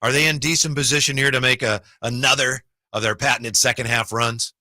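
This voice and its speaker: A man co-hosting a sports radio show, excitable and hyping things up. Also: mid-range voice, a little fast, no room sound, clean studio sound. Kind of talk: casual sports radio talk.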